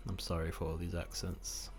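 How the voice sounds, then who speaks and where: A man's voice: deep voice, monotone, a little slow. A man hosting a gaming video, giving casual gameplay commentary, chatty and self-mocking as he thinks aloud.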